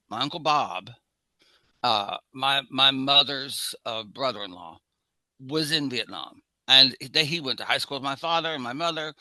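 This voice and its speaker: A man co-hosting a casual film discussion, telling stories in an animated way and acting out the quotes. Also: medium pitch, no echo. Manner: animated storyteller, acts out quotes. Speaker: podcast co-host.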